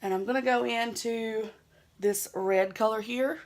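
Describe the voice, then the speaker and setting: A woman's voice: on the high side, steady tone, unhurried. A young woman with a Southern US accent, chatting easygoing and self-teasing as she narrates a makeup tutorial. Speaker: beauty vlogger.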